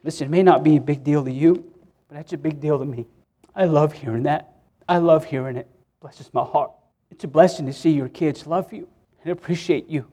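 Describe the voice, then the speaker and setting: A man's voice: on the high side, a little fast, warm tone, breathy edge. A middle-aged man preaching a sermon as pastor, impassioned and acting out prayers and quotes, often stammering as he restarts.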